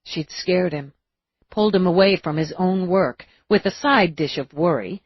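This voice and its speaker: A woman reading an audiobook in a steady, measured way, in a dull, dry recording. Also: lowish voice, husky, no echo. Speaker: audiobook narrator. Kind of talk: audiobook narration.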